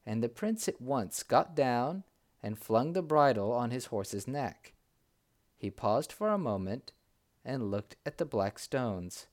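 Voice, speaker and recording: A man narrating a fairy tale in a slow, deliberate reading style. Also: mid-range voice, darkish tone. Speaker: storyteller. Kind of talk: storybook narration.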